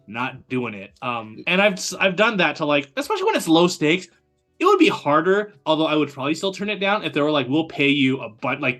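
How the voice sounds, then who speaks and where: Young adult man, fairly high voice, lively casual guest chat with faint music. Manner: animated, quick and chatty, many fillers.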